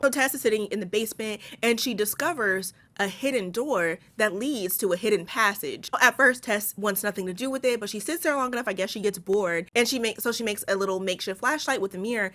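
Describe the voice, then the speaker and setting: A woman with a bright, forceful voice recaps a horror movie in a casual, unfiltered way. She talks bluntly and sarcastically, swears freely, and riffs on what she would have done. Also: mid-range voice, fairly quick, hardly any pauses.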